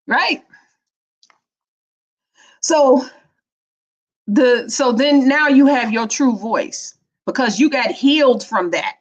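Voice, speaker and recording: A woman's voice: sits high, takes it slowly, long pauses. A woman, giving a spiritual teaching talk in a playful, preachy, colloquial way. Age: 50s. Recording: dull lo-fi recording.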